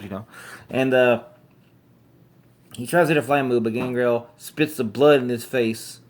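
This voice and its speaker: Casting note: male wrestling reviewer, loose and rambling, self-correcting, mid-range voice. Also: mid-range voice. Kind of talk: casual recap commentary.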